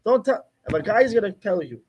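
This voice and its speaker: A man's voice: sits high, expressive, fast, dull audio, crowd noise. A man teaching a Torah class, arguing insistently with his students and mixing in Yiddish and Hebrew terms. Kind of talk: heated study-class debate.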